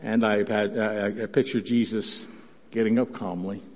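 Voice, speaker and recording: A man preaching a sermon as pastor, telling a Bible story and voicing its quotes with rising force, often repeating words and clearing his throat. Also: fairly low pitch, fairly even intonation, moderate pace, a little mellow. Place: church sanctuary. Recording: dull sound, long church reverb.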